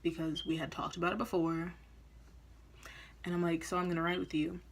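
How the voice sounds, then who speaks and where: A young woman vlogger tells a story in a chatty, casual way, laughing often and acting out what people said. Her voice is fairly low and flat in delivery, and she talks fairly quickly.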